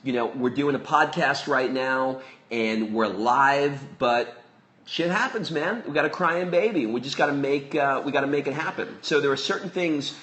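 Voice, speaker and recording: A man's voice: mid-range voice, normal speed, fairly bright tone. Guy co-hosting a live podcast, rambly and casual, keeps restarting. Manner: chatty, repeats himself, restarts a lot. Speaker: podcast co-host. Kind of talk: casual live-stream chat. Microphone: live phone stream.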